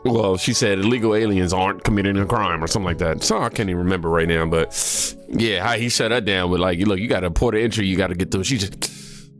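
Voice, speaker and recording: A man with a low, deep voice hosts a reaction video in a loose, conversational way. He is sick and short of breath, and he reads posts aloud between his own comments. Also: fast talker, soft background music. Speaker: reaction channel host.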